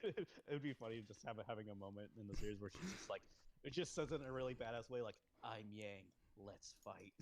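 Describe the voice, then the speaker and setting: A man chatting on a livestream, excitable, often stumbling over his first words. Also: mid-range voice, rapid-fire. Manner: excitable, stammering restarts. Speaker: livestream co-host. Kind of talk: casual chat.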